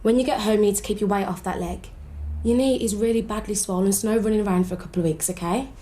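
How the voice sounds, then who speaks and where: An actress playing a chatty, teasing nurse in a television drama. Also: female voice, mid-range voice, quick pace, warm tone, natural voice. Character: chatty, cheeky nurse treating a wound.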